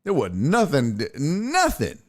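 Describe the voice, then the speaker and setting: Dude hosting a sports stream, kinda high voice that swings all over, cussing and ranting through stories. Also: male voice, takes it slowly. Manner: animated, profane storytelling rants; reads and answers viewer chat. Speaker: sports talk show host. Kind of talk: casual livestream chat.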